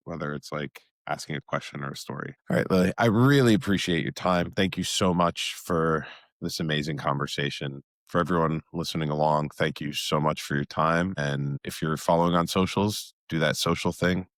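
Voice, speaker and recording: A man's voice: extremely low pitch, moderate pace, dry recording, clean studio sound. A man hosting a podcast interview, chatting in a friendly, easygoing way. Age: adult with children. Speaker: podcast host. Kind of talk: casual interview talk.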